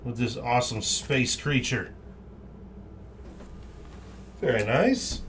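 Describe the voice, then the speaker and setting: A man hosts a live card-opening stream, calling out each pull one by one with easy enthusiasm. He talks slowly, taking his time, while his pitch swings up and down with plenty of life. Small exclamations pop up as he reacts to the cards. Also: lively intonation, fairly bright tone, slight background noise. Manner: upbeat, reads out each card, cheerful exclamations. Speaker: card break host.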